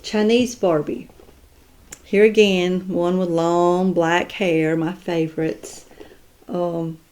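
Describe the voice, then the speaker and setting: A woman's voice: lowish voice, steady tone, slow, a little mellow. A woman chatting casually as she shows off her doll collection, admiring each piece and thinking aloud. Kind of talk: casual unboxing chat.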